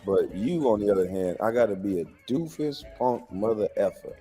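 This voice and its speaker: A man's voice: on the low side, animated, moderate pace, mellow, long reverb tail, faint music behind. A man hosting a livestream, reacting to clips in a casual, incredulous and lecturing way with lots of rhetorical questions. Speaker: livestream host.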